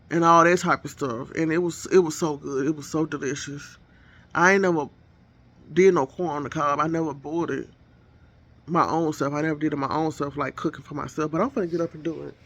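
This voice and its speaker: High-voiced man rambling in his kitchen. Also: steady tone, normal speed, lo-fi sound. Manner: rambling, thinking out loud. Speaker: vlogger. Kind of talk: casual chat while cooking. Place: home kitchen. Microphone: handheld phone.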